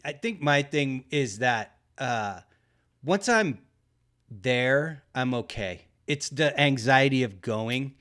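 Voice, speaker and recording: A man hosting a casual podcast conversation, relaxed and laughing often, swearing casually. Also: mid-range voice, takes it slowly. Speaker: podcast host.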